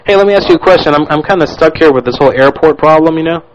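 A man's voice: fairly high pitch, racing, a little hiss or hum, lightly acted. A man playing a pushy, stranded male tourist who rambles on and begs for work in a prank phone call. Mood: pleading. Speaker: prank caller. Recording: lo-fi podcast audio.

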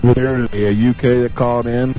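A man's voice: medium pitch, level tone, moderate pace, warm tone, soft background music. A man co-hosting a prank-call podcast who chats in a laid-back way and laughs along. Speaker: podcast co-host. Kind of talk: casual prank-call show banter. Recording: lo-fi podcast audio.

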